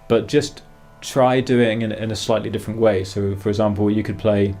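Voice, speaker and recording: A man giving a guitar masterclass, calmly explaining practice exercises and counting beats aloud between demonstrations. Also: lowish voice, a little fast. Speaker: guitar teacher. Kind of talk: masterclass instruction. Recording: faint guitar music behind. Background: guitar playing.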